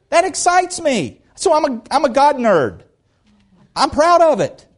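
A man's voice: very high voice, huge pitch swings, measured pace. A man preaching a sermon to his church, talking in a conversational way and repeating phrases for emphasis. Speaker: pastor. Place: church service.

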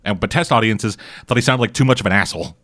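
A man's voice: on the low side, fast, fairly bright tone, no room sound, clean studio sound. A man casually recapping a TV show for a podcast, swearing often and rambling through asides. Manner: profane, rambling storyteller. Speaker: podcast co-host.

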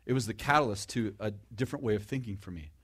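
A man's voice: on the low side, fast, fairly bright tone, slightly rough. A middle-aged man giving a conversational sermon to a live audience, joking about himself, restarting his sentences and asking the listeners questions. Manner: self-deprecating humor, frequent restarts, asks the audience questions. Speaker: preacher.

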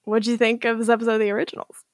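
A woman's voice: a little high, completely flat delivery, racing, no echo, clean studio sound. A woman co-hosting a podcast in casual chat, giggly and blunt, swearing freely. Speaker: podcast co-host.

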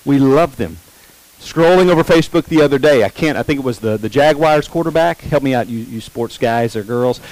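A male pastor preaching a sermon, repeating key phrases slowly for emphasis and putting questions to the congregation. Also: medium pitch, darkish tone, no room sound, rough recording.

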